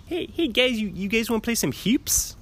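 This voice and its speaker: A man putting on an exaggerated male Maryland local who asks the guys to play hoops, his voice high, hushed and drawn out. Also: lively intonation, moderate pace, a little hiss or hum. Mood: goofy.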